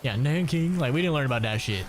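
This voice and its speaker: Talking fast and expressively, this twenty-something streamer keeps up a profane, rambling chatter during gameplay, laughing all the while. His pitch is medium, with background music and slight noise behind him.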